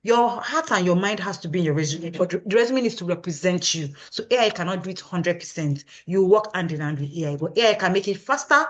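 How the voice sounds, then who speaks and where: A woman's voice: fairly low pitch, lively intonation, fast talker, few pauses. A woman guest in an interview, a product consultant explaining her approach emphatically and often asking "you understand?". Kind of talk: casual interview answer.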